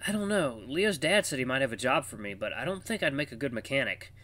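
A man's voice: mid-range voice, sing-song, fast talker, sharp tone. A man voicing an earnest young anthropomorphic man who speaks hesitantly and pleads. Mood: unsure.

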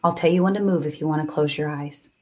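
A woman's voice: sits low, fairly even intonation, quick pace, a little mellow. A woman guiding a live tapping and breathing session, speaking soothingly and coaxingly, with sighs and moments of emotion.

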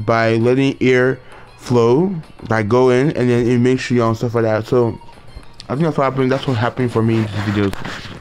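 A man's voice: mid-range voice, a little mellow. A man casually commenting on his own gameplay, rambling with frequent fillers and restarts, sometimes yawning. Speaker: gaming video creator.

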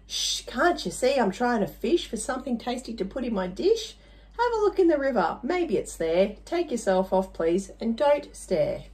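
A woman's voice: a little high, sing-song, normal speed, darkish tone. A woman voicing a grumpy fisherman who shushes and shoos a visitor away in a children's story. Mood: irritated. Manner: curt and shushing. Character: grumpy fisherman wanting peace.

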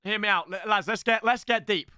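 A young man reacting to clips in casual commentary, excitable and quick to break into shouts. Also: high-pitched, clear, resonant tone, no echo, studio quality.

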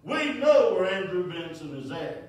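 High-voiced preacher in an echoey church. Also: male voice, very animated, a little slow, far from the mic. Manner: preaching cadence, rising to emphatic calls and falling to soft near-whispers. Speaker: pastor. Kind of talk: funeral sermon. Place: church sanctuary.

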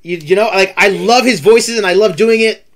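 A man's voice: high voice, moderate pace. A man hosting a casual livestream interview, talkative and rambling, repeating himself often. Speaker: streamer host.

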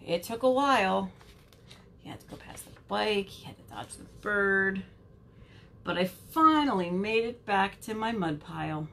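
A woman children's librarian reading a picture book aloud at home for a virtual storytime, with an animated, sing-song way of talking to kids. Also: medium pitch, a little slow, gravelly, slight background noise.

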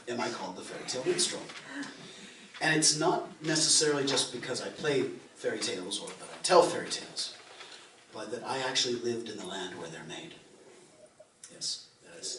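A man's voice: mid-range voice, animated, moderate pace, background noise. A man, a folk minstrel, telling a fairy tale to a live audience in a playful, theatrical way with joking asides. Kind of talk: live storytelling between songs. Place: indoor live concert venue with an audience. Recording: roomy live recording from far off.

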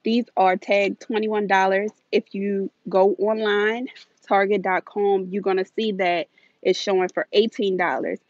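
A woman livestreams from inside a big store, chatting to her viewers in a hurried, friendly rush and sounding a little out of breath. Her voice comes through a handheld phone with dull, muffled audio and very little room echo. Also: mid-range voice, level tone, darkish tone. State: slightly out of breath. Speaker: deal-hunting vlog host. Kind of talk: live shopping stream. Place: inside a large retail store.

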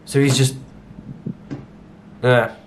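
A man's voice: medium pitch, little pitch movement, drawn-out words. A young British man giving casual, jokey reaction commentary, with sudden exclamations. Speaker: YouTuber reacting to clips.

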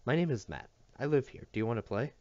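Male reader doing small boy, hesitant, literal, raised pitch, dry dull audio. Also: animated, fast, warm tone, no echo, lightly acted. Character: shy sheltered young boy, odd and literal.

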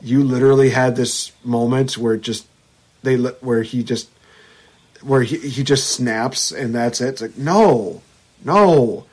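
A young man co-hosting a podcast rants casually and animatedly about a movie, swearing freely and mockingly voicing its characters. His voice is mid-range and husky, and he speaks at an unhurried pace.

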